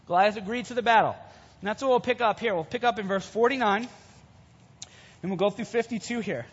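Husky high-voiced male preacher. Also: a little fast, pauses often. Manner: casual, animated storytelling to young listeners. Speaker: youth preacher. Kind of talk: sermon retelling a Bible story. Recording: dull sound with long hall reverb.

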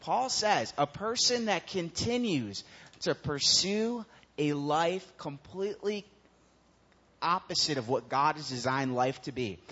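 A man preaching a sermon in a casual, conversational way, telling stories with lively animation. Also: fairly high pitch, measured pace, slightly rough. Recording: dull lo-fi recording.

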